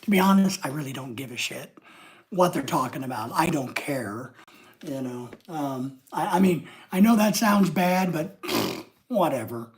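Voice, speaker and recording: A man's voice: on the high side, animated, a little slow. An older man hosting a casual livestream, rambling as he reads viewers' comments aloud and greets them by name. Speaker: livestream host.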